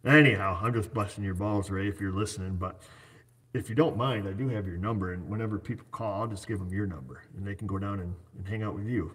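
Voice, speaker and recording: A man's voice: lowish voice, quick pace, a bit bright. A man who owns an auto repair shop, talking casually in a rambling, joking way and walking through hypothetical examples. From United States. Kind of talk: casual chat.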